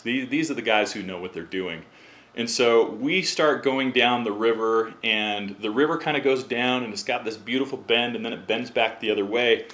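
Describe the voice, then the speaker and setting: A man's voice: mid-range voice, bright, forceful tone. A man, a podcast guest, telling a long story in a chatty way and acting out the voices of the people in it. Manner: chatty, acts out quoted voices. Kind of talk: casual storytelling.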